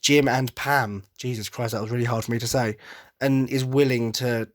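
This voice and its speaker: A man's voice: mid-range voice, little pitch movement, brisk, a little mellow. A man hosting a podcast in a casual monologue, rambling and enthusiastic, often stopping to correct himself. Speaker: podcast host.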